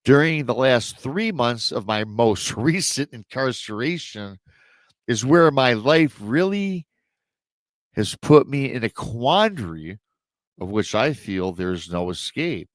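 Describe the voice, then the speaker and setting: Male host retelling a listener story; chatty, rambling, mid-pitched, dry recording. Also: expressive, takes it slowly, dry recording. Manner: rambling, conversational asides to the audience.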